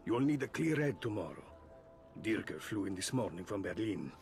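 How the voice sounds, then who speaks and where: An actor playing a composed Italian racing team owner, speaking in a calm, measured manner. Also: male voice, on the low side, vocal fry. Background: game music.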